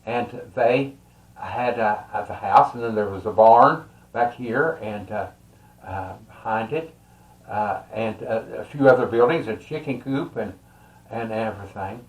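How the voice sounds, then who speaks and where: An older man with a Texas accent tells a family story in a casual, rambling way, with many fillers and soft chuckles. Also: lowish voice, a little slow. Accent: Texan. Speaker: storyteller and tarot reader. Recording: roomy echo.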